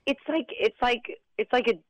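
A woman calling in to a radio show, talking in halting, tearful bursts with nervous laughs as she fights back tears. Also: on the high side, dry recording. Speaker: caller. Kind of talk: emotional call-in confession. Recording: phone line.

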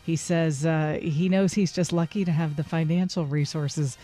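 A woman's voice: low-pitched, fairly even intonation, moderate pace, dark tone. Chatty woman reading entertainment news. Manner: chatty, reads news items and quizzes her co-host. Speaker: radio host. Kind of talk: casual entertainment news chat.

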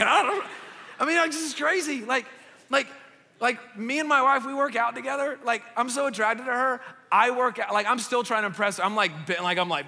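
A high-pitched, bright young man preaching in a loose, conversational way, full of quick asides and filler likes. His voice carries a long reverb from a church hall. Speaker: pastor. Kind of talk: sermon.

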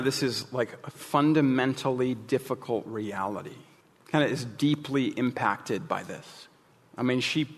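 A man's voice: medium pitch, long reverb tail. A male pastor giving a sermon, candid and jokey, with emphatic asides.

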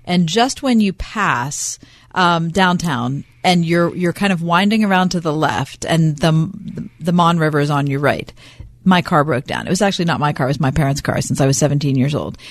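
A woman's voice: sits low, expressive, normal speed, dry recording. A woman co-hosting a radio show, trading casual banter and telling stories with a teasing wit. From Pittsburgh. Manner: chatty, storytelling, teasing.

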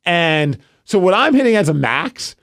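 Podcast co-host, male, thirties, animated storyteller, fairly high lively voice. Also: moderate pace, gravelly, no room sound, studio quality. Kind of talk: casual chat.

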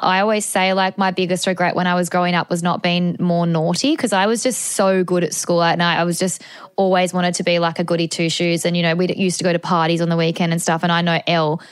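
A woman's voice: on the low side, little pitch movement, fast talker, clean tone, no echo. An Australian woman in her thirties hosting a casual chat, chatty and full of asides. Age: 30s. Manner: chatty, many fillers and asides. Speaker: podcast host.

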